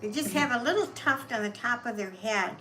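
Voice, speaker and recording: An older woman with a Minnesota accent, a guest on her daughter's Q&A, telling soft-spoken, meandering stories. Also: fairly high pitch, expressive, brisk, slight background noise. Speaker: guest, host's mother.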